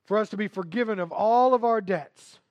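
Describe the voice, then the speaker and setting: A man preaching a sermon and retelling a scripture story, swinging between hushed, quiet passages and emphatic, louder ones. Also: sits high, a little fast, dull audio.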